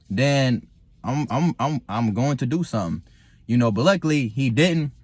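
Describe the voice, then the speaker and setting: A young man vlogging to camera from his car at night, talking calmly and reflectively, rambling with many fillers and restarts and swearing freely. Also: medium pitch, normal speed, slightly rough, dry recording, studio quality. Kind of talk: casual talk to camera.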